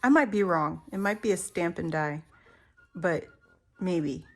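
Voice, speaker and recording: A woman's voice: fairly low pitch, expressive, a little slow, faint music behind. A woman showing off handmade crafts she got in the mail, gushing over every piece with lots of gasps and exclamations. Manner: gushing, exclaims and gasps often, laughs between lines. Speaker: crafting YouTuber. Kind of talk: unboxing a craft haul.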